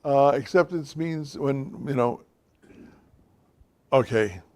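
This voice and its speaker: A man's voice: medium pitch, slow pace, darkish tone. A man giving an informal, direct talk to a class of men, speaking to them plainly as guys and fellas. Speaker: teacher of a men's class.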